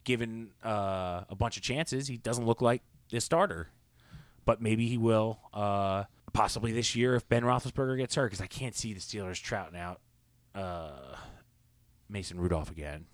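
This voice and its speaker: A man co-hosting a casual sports podcast, talking in opinionated, rambling takes with quick asides. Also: lowish voice, no room sound. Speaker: podcast co-host.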